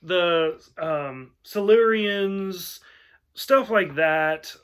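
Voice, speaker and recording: A man's voice: a little high, drawn-out words, a bit bright, clear, resonant tone. A young man co-hosting a casual review chat, swearing often and quoting lines in put-on voices. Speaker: podcast co-host.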